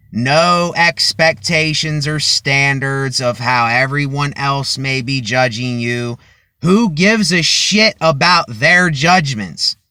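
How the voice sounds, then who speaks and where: A man vlogging a motivational monologue into a cheap phone from inside his car, speaking deliberately and loudly as if to a crowd. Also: a little high, no echo. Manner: slow and deliberate, projecting as if to a crowd.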